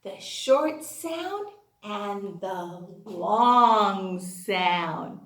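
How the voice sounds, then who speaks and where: Woman teacher for an early-years phonics class: high, bouncy sing-song, slow and drawn out, recorded in an echoey room. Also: big pitch swings, pushed and bright. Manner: sing-song, exaggerated and encouraging, as to young children. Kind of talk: children's phonics lesson.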